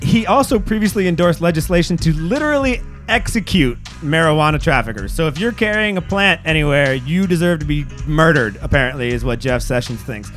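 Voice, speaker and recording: Male podcast host, slightly high voice, angry profane ranting over news reads. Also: lively intonation, a little fast, few pauses, fairly bright tone, faint music behind. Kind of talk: casual chat, reading news aloud.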